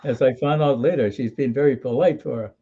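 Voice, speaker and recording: A man's voice: medium pitch, fairly quick, warm tone, breathy edge, dull audio. A man in his eighties from Hawaii, a military veteran telling wry, folksy stories in an interview with frequent restarts. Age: 80s. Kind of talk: storytelling in an interview.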